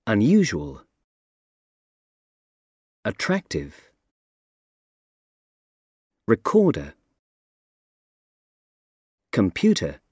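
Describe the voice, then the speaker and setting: A speaker slowly reading single words for pronunciation practice, one word at a time. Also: mid-range voice, a little mellow, husky, no room sound, studio quality. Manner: slow, deliberate word-by-word reading.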